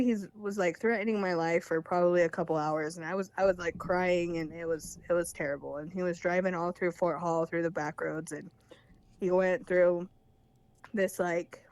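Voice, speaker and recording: A young woman calling in to tell a personal story in a candid, rambling way, with quick laughs between phrases. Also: lowish voice, darkish tone, no echo. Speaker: caller sharing her story.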